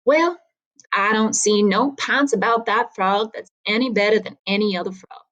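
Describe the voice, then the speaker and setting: A wary stranger in a mining camp weighs every word slowly and deliberately, as a woman reads him aloud. His pitch sits in the middle range. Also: fairly bright tone, lo-fi sound, lightly acted. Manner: slow and deliberate.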